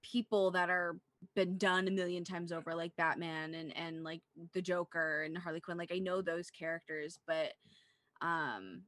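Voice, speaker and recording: A woman's voice: fairly low pitch, normal speed, no room sound, studio quality. A young woman talking casually about films with friends, chatty and full of fillers, often breaking into laughter. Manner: chatty, lots of "like", excitable laughter.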